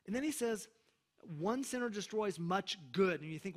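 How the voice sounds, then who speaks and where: Guy pastor, pretty high voice, emphatic sermon, keeps asking the congregation okay. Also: moderate pace, fairly bright tone.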